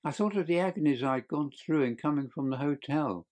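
This audiobook character voice comes from a man with a natural, darkish voice at a fairly quick pace. He portrays a frightened young thief whose crackling voice turns shrill and desperate as he pleads and owns up to his crime.

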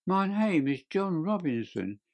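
A man's voice: fairly high pitch, expressive, slow pace, vocal fry, a little mellow, voice pushed up, heavily acted. A man reading an audiobook, voicing a frightened small man who whines and quavers in a raised voice. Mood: nervous. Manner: quavering, whining.

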